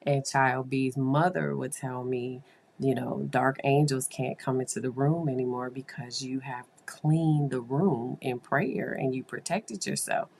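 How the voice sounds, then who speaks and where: A woman with an unusually deep, low-pitched voice tells a story in a relaxed monologue. She talks in an animated, confiding way and often turns aside to her listeners. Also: unhurried, creaky, a little hiss or hum. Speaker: therapist.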